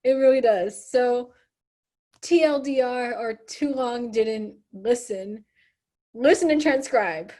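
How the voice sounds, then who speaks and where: A woman's voice: on the high side, takes it slowly, dark tone. A young woman hosting a casual chat over a video call, upbeat and chatty, leaning on "like" and "you know". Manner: chatty and upbeat, heavy use of "like".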